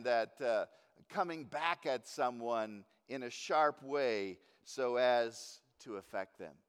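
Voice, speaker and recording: A male preacher teaching in an easygoing, wry way, with chuckles at his own points. His delivery is slow and his pitch swings widely. The recording carries a long, hall-like reverb. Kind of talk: teaching sermon.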